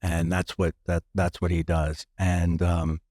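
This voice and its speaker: A man's voice: low-pitched, level tone, measured pace, a little mellow, dry recording, studio quality. A man guest on a podcast, telling a personal story with many restarts and acting out what others said.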